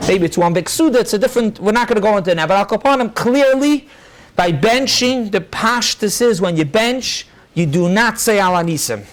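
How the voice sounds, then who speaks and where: A rabbi lecturing a room of listeners, his voice sitting high for a man. He moves briskly through the sources, answers questions as they come, and drops Hebrew and Yiddish terms into his English. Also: animated, slight background noise. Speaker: rabbi teaching a class. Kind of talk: halachic lecture to a live audience.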